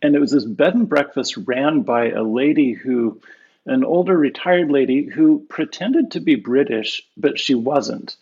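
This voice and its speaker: A middle-aged man spins a personal story in a casual interview, laughing between lines and tripping over his own restarts. His voice is gravelly with a husky edge. The audio sounds dull and lo-fi. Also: mid-range voice, a little slow. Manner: animated anecdotes with frequent laughs and restarts. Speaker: guest, professor and author. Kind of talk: conversational storytelling.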